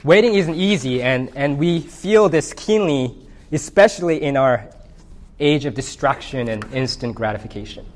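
A man preaching a sermon, reading scripture and retelling a children's story with animated character voices. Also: mid-range voice, normal speed, slight background noise. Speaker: pastor.

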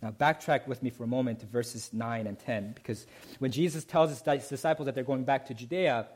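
Man preaching with emphatic peaks. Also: a little fast. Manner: rising to emphatic peaks, then dropping soft and low; asks the crowd "right?" often. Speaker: pastor. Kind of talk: sermon.

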